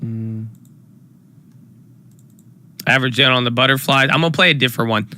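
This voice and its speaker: Over slight background noise, a medium-pitched man at normal speed hosts a live stock trading stream. His talk is casual but hyped and energetic, with the same phrases repeated to excite viewers.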